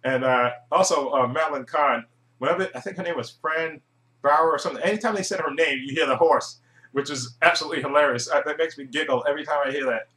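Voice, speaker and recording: A man giving a casual, rambling movie review monologue, chuckling often and filling pauses with "uh". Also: a little high, sharp tone. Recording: echoey room.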